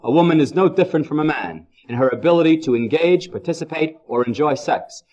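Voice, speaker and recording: A man's voice: a little high, animated, a little fast, a little mellow, muffled recording. A man giving a humorous lecture to a live audience, a jokey storyteller who repeats phrases for effect, in an old 1960 recording.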